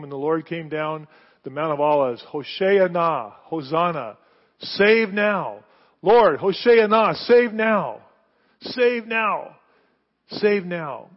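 A middle-aged man preaching a sermon, telling the story with animated delivery and rhetorical questions. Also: a little high. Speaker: pastor. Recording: muffled sound, long hall reverb.

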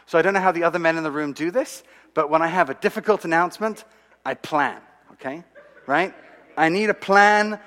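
Male speaker, fairly high voice, dramatic storytelling testimony, long hall reverb. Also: a little fast. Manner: animated, dramatic storytelling with asides to the audience. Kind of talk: sermon-style storytelling.

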